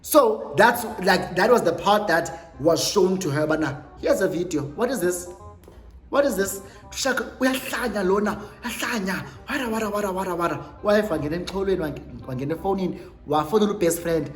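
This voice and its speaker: A woman's voice: on the low side, brisk, soft background music. A young South African woman, a vlogger, telling a dramatic storytime, mixing Xhosa and English and acting out what others said. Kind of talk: storytime monologue. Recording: roomy echoey room.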